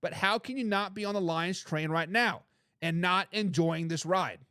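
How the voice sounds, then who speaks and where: Clear and resonant despite his high pitch, this football talk show host speaks at normal speed while reading the chat and arguing with emphasis. He's animated and full of opinions, leaning on repeated phrases, and the studio-quality audio has no echo.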